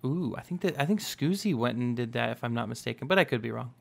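A young man chatting casually as he narrates his own gameplay, upbeat and quick to exclaim. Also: medium pitch, lively intonation, vocal fry. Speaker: Minecraft let's play host.

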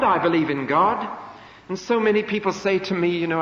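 A man's voice: sits high, moderate pace, a bit bright. Emphatic male preacher in an echoey church. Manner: emphatic, rhetorical questions, acts out quoted voices. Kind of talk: sermon. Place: church before a live congregation. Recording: echoey church hall, dull lo-fi.

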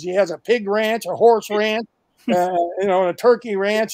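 An older man talks eagerly and emphatically, stacking up lists and restarting his sentences as he pitches. His voice sits a little high for a man and sounds close and dry. He is heard over a video call. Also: normal speed, no echo. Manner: animated, emphatic listing, restarts. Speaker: guest. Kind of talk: enthusiastic pitch of a project.

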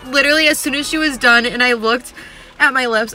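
A woman's voice: high-pitched, fairly quick, pushed and bright, faint music behind. A young woman vlogging casually to camera from a car, chatty and emotional, full of "like" fillers.

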